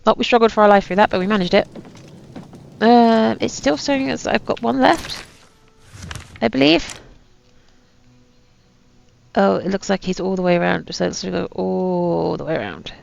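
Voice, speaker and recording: A woman's voice: on the high side, moderate pace, creaky, pauses often, a little hiss or hum. A woman giving chatty, wry commentary on her own game, full of self-mocking asides. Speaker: gaming channel host. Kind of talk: casual gameplay commentary. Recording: dull lo-fi sound with faint ambience.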